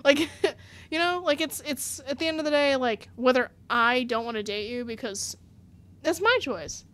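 A young woman chatting casually while playing a story game, animated, laughing often and swearing when annoyed. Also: sits high, moderate pace. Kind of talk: casual gameplay commentary.

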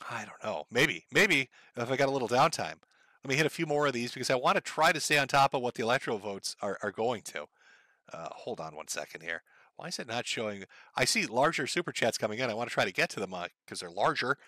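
A sardonic man live-streaming from his desk, cursing freely as he rants and reads viewer messages. His voice is bright and swings widely in pitch. The close microphone sounds dry and present. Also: lively intonation, fast, no room sound. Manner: profane, ranting, sardonic. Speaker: streamer reading viewer donations. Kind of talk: casual live-stream commentary.

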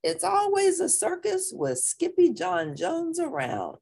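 Slow, husky female reader for a children's book, playful and very lively in pitch. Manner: expressive, playful. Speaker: storybook reader. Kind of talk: children's read-aloud.

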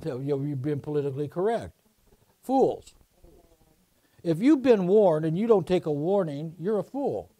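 High-voiced guy preaching, fiery sermon, goes from soft to shouting. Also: lively intonation, unhurried, pauses often. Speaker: pastor.

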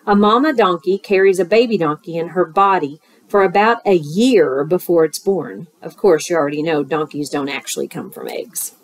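A woman teacher reading a picture book aloud, expressive and rhythmic, adding asides to children. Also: lowish voice, normal speed, hardly any pauses, dry recording. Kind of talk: storytime read-aloud.

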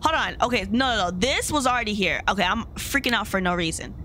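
A woman's voice: mid-range voice, lively intonation, fast talker, sharp tone, faint music behind. A woman hosting a gameplay video, chatting casually to her viewers and getting easily startled. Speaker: gaming video host.

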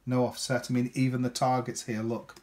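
A man's voice: medium pitch, flat delivery, a little fast, a little mellow. Chatty man unboxing a game. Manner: chatty, rambling, with tag questions. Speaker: board game unboxing presenter. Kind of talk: casual unboxing commentary.

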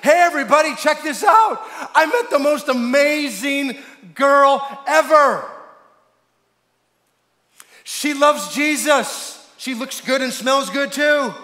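A man's voice: fairly high pitch, a little fast, hardly any pauses. A man playing an overjoyed young godly man who eagerly announces news to everyone. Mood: giddy. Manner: shouting with giddy excitement. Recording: echoey church hall with long reverb.

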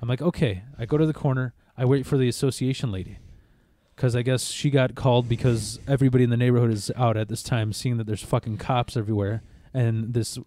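A man's voice: medium pitch, fast talker, dry recording. A man in casual chat, telling a long story with lots of swearing and acting out what others said. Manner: animated, profane, acts out quotes. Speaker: podcast co-host.

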